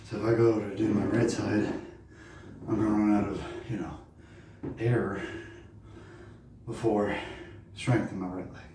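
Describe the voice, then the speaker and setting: A man's voice: fairly low pitch, little pitch movement, a little slow, pauses often, background noise. A man talking casually to camera during a home workout, out of breath, with lots of fillers as he thinks aloud. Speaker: vlogger doing a home workout. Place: room at home. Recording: very echoey room, mic far off.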